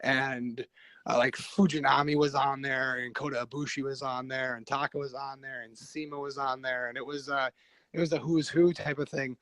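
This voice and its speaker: A man talking as a podcast guest, telling stories in a rambling, animated way, with frequent restarts and laughter. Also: mid-range voice, normal speed, dry recording, low-quality recording. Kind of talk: casual storytelling.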